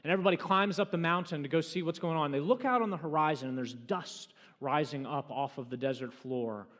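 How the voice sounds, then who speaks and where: A man preaching a sermon as pastor, retelling a story dramatically and swinging between loud, urgent passages and hushed ones. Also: a little high, brisk. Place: church sanctuary. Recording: church hall reverb.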